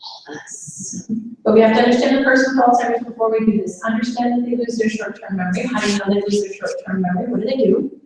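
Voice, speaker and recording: A woman speaks at a live dementia caregiver workshop, engaging the audience by asking them questions. Her voice is a little high and a little mellow, with a steady tone and a rapid-fire delivery. The room is echoey, the mic is far off, and there's faint noise.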